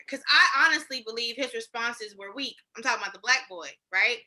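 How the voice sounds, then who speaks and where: Bright-voiced, reflective young woman. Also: fairly high pitch, poor audio. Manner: reflective, halting, searching for words. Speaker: podcast co-host. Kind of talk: casual podcast chat.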